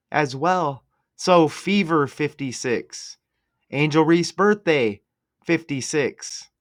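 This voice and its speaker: Man, casual video commentary, sarcastic, smooth clear voice, unhurried delivery. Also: fairly high pitch, a bit bright. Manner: sarcastic, conspiratorial number-cipher talk. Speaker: sports commentary video host. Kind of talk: casual commentary over game footage.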